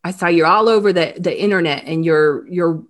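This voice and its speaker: A woman hosting an interview, talking haltingly with many restarts, close to tears. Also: on the low side. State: emotional, near tears. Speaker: host. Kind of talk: emotional interview about a crime case.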